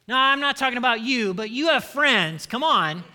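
Man preaching, American, high voice, very bright tone, playful and chatty, long hall reverb. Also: expressive, normal speed. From United States. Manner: conversational, playful, teasing the audience. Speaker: pastor. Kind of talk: sermon.

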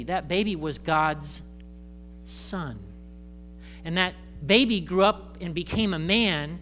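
A male pastor giving a conversational, animated sermon in church, acting out voices. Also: on the high side.

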